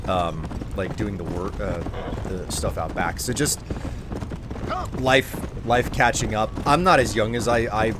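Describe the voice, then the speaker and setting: A man's voice: fairly low pitch, background noise. A man in his late thirties, a streamer chatting in an easygoing, rambling way with his viewers during a livestream. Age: late 30s. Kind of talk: casual livestream chat.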